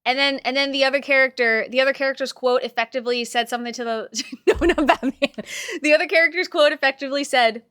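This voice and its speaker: Brief: bright, sharp young woman streaming, close and dry on the mic. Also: high voice, fairly even intonation, fast talker, hardly any pauses, clean tone, no room sound. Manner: talks to herself and to chat, swears, swings loud. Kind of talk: casual chat.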